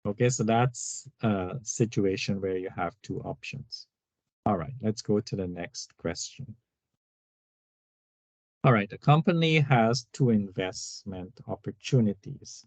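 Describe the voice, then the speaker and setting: A low-voiced man talks slowly through a tutorial, step by step, pausing to check in with his students. The sound is dull and lo-fi, with a dry, close feel and no room around it. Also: dry recording. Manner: unhurried, explanatory, frequent "all right" check-ins. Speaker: instructor. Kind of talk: screen-recorded tutorial walkthrough.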